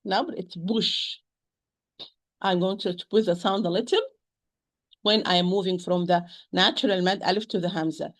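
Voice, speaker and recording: A woman teaching a recitation lesson, speaking haltingly, often repeating words and modelling pronunciations aloud to make her points. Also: fairly low pitch, steady tone. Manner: stresses rules with emphatic repetition.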